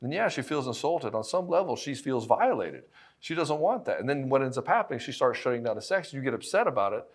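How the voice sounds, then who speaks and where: A man's voice: mid-range voice, big pitch swings, fast. A middle-aged man coaching married men in a blunt, profane, emphatic monologue, speaking straight to the listener. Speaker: relationship coach. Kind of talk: direct-to-camera monologue.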